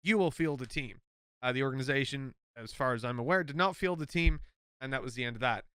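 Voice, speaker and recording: A man's voice: medium pitch, fast, fairly bright tone, clear, resonant tone, no echo, clean studio sound. An Irish man, an esports caster, talking bluntly and emphatically in casual podcast chat, swearing freely.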